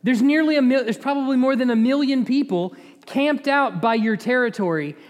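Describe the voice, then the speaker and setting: A man teaching a Bible study, retelling the story in an animated way with laughs and asides to the class, recorded in an echoey church hall. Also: very high voice, normal speed.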